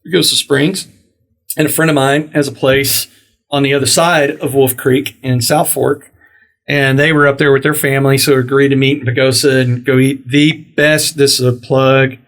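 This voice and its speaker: A man's voice: medium pitch, moderate pace. A middle-aged man hosting a podcast, telling a long story in a casual way and acting out the quoted lines of the people in it. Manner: animated storyteller, acts out quoted dialogue. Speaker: podcast host.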